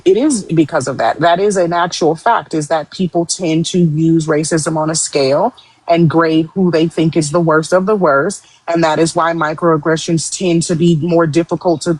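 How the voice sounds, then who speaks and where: A woman's voice: deep voice, normal speed, a little mellow, husky, poor audio. Firm woman host laying out her point. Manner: firm, emphatic, explains at length. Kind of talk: live-stream discussion.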